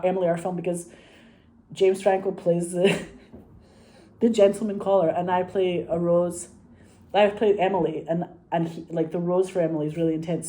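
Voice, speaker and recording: A woman talks through a film shoot in a rambling, animated way, swearing casually and laughing between thoughts. Her voice sits a little low and sounds mellow and warm. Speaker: actress. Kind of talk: casual anecdote.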